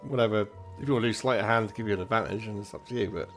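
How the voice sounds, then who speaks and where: A man's voice: lowish voice, racing, a bit bright, soft background music. A man narrating a tabletop game as dungeon master, casual and rambling.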